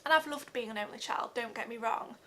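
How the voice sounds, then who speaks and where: A young woman giving an earnest personal vlog update, talking haltingly with many fillers. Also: fairly high pitch, bright, forceful tone, slight background noise. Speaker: vlogger.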